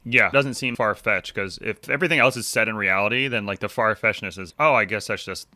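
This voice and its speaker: A man's voice: on the low side, quick pace, bright, forceful tone, no room sound. A man co-hosting a book club podcast, joking casually and quoting movie lines. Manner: jokey, quotes movie lines. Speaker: podcast co-host.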